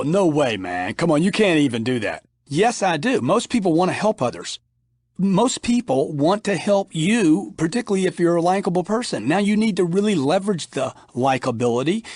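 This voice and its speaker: A man's voice: high voice, darkish tone, dry recording, clean studio sound. A middle-aged man reading his own sales training audiobook in a punchy, emphatic way, acting out bits of sales dialogue. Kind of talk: instructional audiobook narration.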